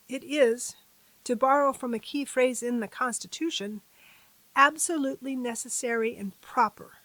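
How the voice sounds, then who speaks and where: A woman hosting a civics channel, reading a formal testimony aloud at a deliberate pace and breaking off for chatty asides to her viewers. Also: a little high, a bit bright, dry recording, low-quality recording.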